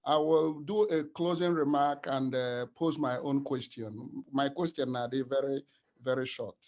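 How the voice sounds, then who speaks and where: A man's voice: mid-range voice, fairly even intonation, measured pace, a little mellow, muffled recording. A man chairing a video meeting, giving brief directions. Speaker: meeting moderator. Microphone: video call.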